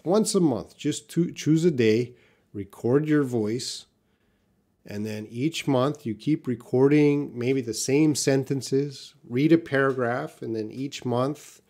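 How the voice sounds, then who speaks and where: Slow, patient male English teacher. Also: medium pitch, dark tone. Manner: answers viewer questions slowly and patiently, models words to repeat. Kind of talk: live-stream Q&A lesson.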